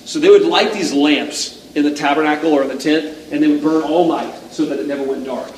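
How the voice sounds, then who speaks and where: A man's voice: on the high side, brisk, slight background noise. A middle-aged male pastor preaching a sermon in a conversational, self-deprecating way, asking the audience questions. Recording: echoey room, distant mic.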